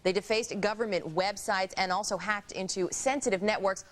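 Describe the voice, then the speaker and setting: An upbeat woman presents a scripted rundown of tonight's tech show. Her voice sits at an ordinary pitch for a woman, with a brisk, newsy delivery. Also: fairly even intonation. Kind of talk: scripted TV preview read. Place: TV studio.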